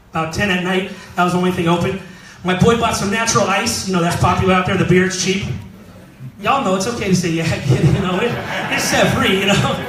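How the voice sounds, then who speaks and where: A man's voice: high voice, fairly bright tone, slight background noise. A man in his thirties from California, a pastor telling his story in a casual, joking sermon. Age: 30s. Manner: casual storytelling, jokes with the congregation. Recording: roomy hall mic from a distance.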